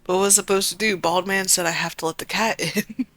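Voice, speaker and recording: A streamer giving casual gameplay commentary on a horror game, laughing often, swearing and reacting loudly. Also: mid-range voice, fairly even intonation, fast.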